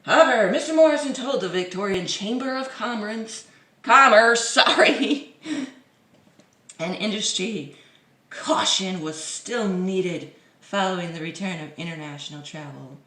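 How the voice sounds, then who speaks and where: A woman vlogger reads through a news piece in a loose, casual way, and she keeps cutting in with sarcastic, teasing comments. Her voice sits at a middle pitch, neither high nor low. The room adds a noticeable echo. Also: a little slow, sharp tone, recorded from a distance. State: dry throat. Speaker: vlogger reading a news article. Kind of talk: casual reading with sarcastic asides. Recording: roomy echo.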